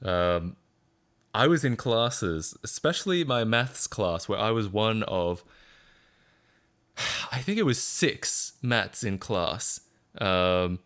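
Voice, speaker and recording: A man's voice: medium pitch, fairly bright tone. A man with an Australian accent chatting casually on a live stream, rambling and self-deprecating with frequent chuckles.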